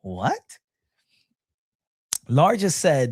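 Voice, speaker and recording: A male boxing streamer chats through a live stream, answering viewers in an excitable, slang-filled flow that often restarts. His voice swings widely in pitch and sits a little high for a man. The sound is dry and close. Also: normal speed, dry recording. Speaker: boxing show host reading live chat. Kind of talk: casual live-stream commentary.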